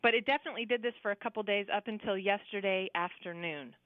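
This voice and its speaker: A woman's voice: mid-range voice, fast talker, no room sound. A woman from Arkansas calling into a radio show, chipper and giggly as she explains a car problem. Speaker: caller. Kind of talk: phone-in caller describing a car problem. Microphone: phone line. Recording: slightly dull phone-line audio.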